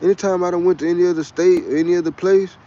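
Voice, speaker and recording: A man's voice: high voice, steady tone, rapid-fire, dark tone, highs cut off. A man with a Texas twang, chatting in a rambling, boisterous and profane way on a casual livestream. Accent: Texan. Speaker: livestream host.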